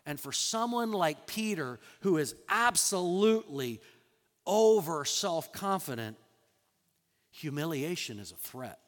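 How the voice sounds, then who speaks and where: A man preaching a sermon as a pastor, animated, acting out quoted lines with sudden loud bursts and soft drops. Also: fairly high pitch, long reverb tail.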